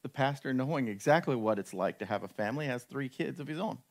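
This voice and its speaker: A man preaching a sermon, telling a story animatedly and slowing down for dramatic moments. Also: medium pitch, expressive.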